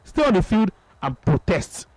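Animated radio host, dry sound. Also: male voice, high voice, moderate pace, no room sound, low-quality recording. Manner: animated, repeats phrases for emphasis. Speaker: radio sports show host. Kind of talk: sports phone-in radio talk.

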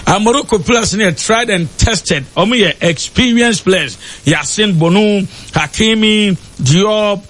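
A man giving football radio analysis in a halting way, with many fillers. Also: sits high, a bit bright. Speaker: match analyst.

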